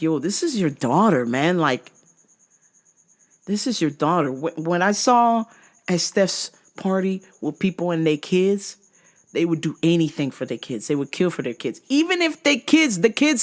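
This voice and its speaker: A woman from New Jersey telling a story in a casual vlog, animated and profane. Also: medium pitch. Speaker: vlogger.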